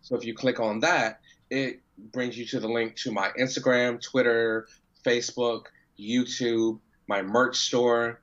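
A man from New York with a mild New York accent, chatting as a guest in a relaxed, joking way. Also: medium pitch, unhurried, lo-fi sound. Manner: relaxed, joking, laid-back slang. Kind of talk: casual interview chat.

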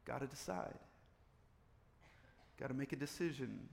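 A man's voice: mid-range voice, a little slow, vocal fry. Man preaching a sermon in a hall. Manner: preaching with swelling intensity and repetition. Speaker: pastor.

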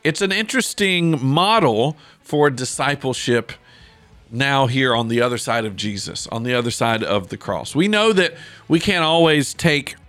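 A male pastor talks through a Bible passage for his podcast, loose and conversational, full of little asides. He reads the verses aloud and comments as he goes. His voice sits at a middling pitch and is recorded close and dry, with no room sound. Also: lively intonation, normal speed, a bit bright, no echo, faint music behind. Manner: casual, conversational, with asides and fillers.

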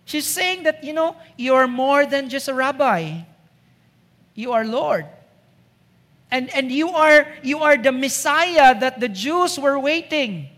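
A woman's voice: sits high, expressive, slow pace, fairly bright tone. A woman preaching a sermon in a church, emphatic and asking the congregation rhetorical questions. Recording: echoey church hall.

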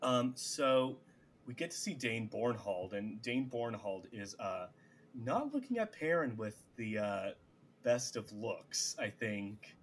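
A man co-hosting a podcast speaks slowly at medium pitch over a little hiss or hum. In casual chat he animatedly retells scenes, acting out the characters' lines.

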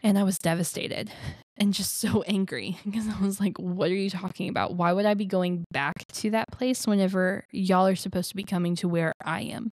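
A woman's voice: mid-range voice, steady tone, moderate pace, darkish tone, no room sound. Earnest young woman telling her story. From Alabama. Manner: earnest, chatty, many fillers. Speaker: life coach. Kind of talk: personal storytelling.

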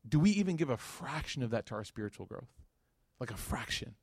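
A man's voice: medium pitch, fairly quick, breathy edge, dry recording, clean studio sound. A man giving a casual religious lecture, telling a story and acting out the dialogue with slangy asides. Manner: animated, acts out quoted dialogue.

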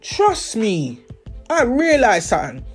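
A man's voice: extremely high pitch, huge pitch swings, slow pace, slightly rough, faint music behind. A young man, hosting a podcast and telling stories in a casual, slangy, swearing way, acting out the people he talks about. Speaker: podcast host. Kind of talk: casual storytelling monologue.

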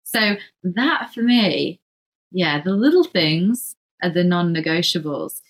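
A woman's voice: fairly low pitch, lively intonation, slow pace. A young woman, a yoga instructor, talking in a chatty, self-deprecating way as a podcast guest and laughing easily. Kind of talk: casual podcast conversation.

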